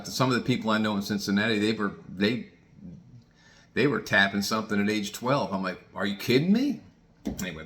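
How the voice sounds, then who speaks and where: Sixties male vlogger, low pitch with a tense edge, folksy, drifts off topic. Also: pushed and bright. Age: 60s. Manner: digressive, folksy, swears casually. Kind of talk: rambling personal storytelling.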